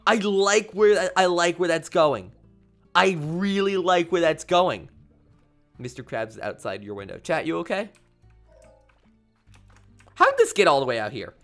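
A man's voice: high-pitched, big pitch swings, a little slow, long pauses, a bit bright, soft background music. A young man streaming a video game, rambling playfully and reading viewers' messages aloud. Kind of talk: casual gameplay commentary.

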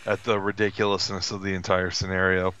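Animated man retelling a movie. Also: fairly quick, smooth, low-quality recording. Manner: animated retelling with high put-on voices for quoted characters. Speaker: podcast co-host. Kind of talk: casual chat, film review.

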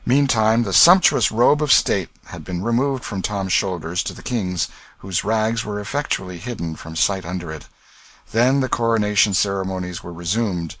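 A man reading a classic novel aloud as an audiobook narrator, in a steady storytelling manner. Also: lowish voice, normal speed, dry recording.

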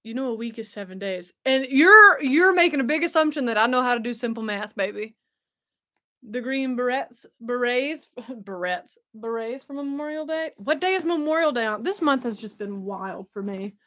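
A woman's voice: fairly high pitch, lively intonation, moderate pace, pushed and bright. A young woman hosting a casual livestream, bubbly and chatty, laughing often and answering viewers. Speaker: host.

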